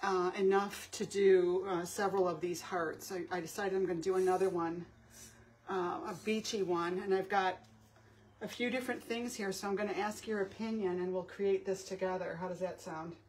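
A woman's voice: medium pitch, steady tone, normal speed, darkish tone, a little hiss or hum. A middle-aged woman hosting a live art demo from her home studio, chatting casually, greeting viewers by name and laughing often.

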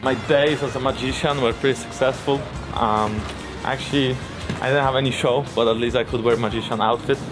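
Deadpan self-mocking man. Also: medium pitch, fairly quick, over music. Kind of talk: joking to-camera chat.

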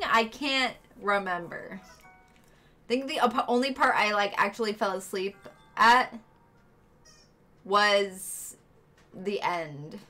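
A woman's voice: mid-range voice, slow, pauses often, pushed and bright, soft background music. A woman streaming herself playing a video game, chatting casually with viewers and friends in the room.

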